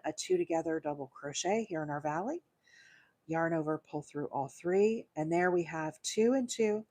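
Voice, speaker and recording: A woman's voice: lowish voice, darkish tone. Woman teaching crochet live. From Alabama, USA. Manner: patient step-by-step instruction, counting stitches aloud, frequent fillers. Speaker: crochet livestream host.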